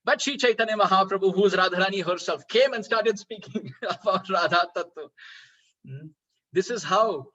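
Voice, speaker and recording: High, bright-voiced man preaching. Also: moderate pace, muffled recording. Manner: rhetorical questions, chuckles often. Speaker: spiritual speaker. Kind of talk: devotional lecture.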